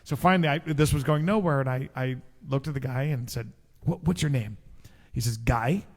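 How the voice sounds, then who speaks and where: A middle-aged man, a singer-songwriter, telling a relaxed, chatty story between songs at a live show. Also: mid-range voice, moderate pace, in a large hall. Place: live music venue. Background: guitar.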